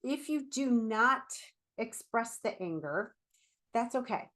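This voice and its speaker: A middle-aged woman therapist giving a casual, animated talk while standing up. She fills her speech with "like" and "right?". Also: a little high, takes it slowly. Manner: chatty, animated, with frequent "like" and "right?"; speaking while standing and moving about. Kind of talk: casual explanatory vlog talk.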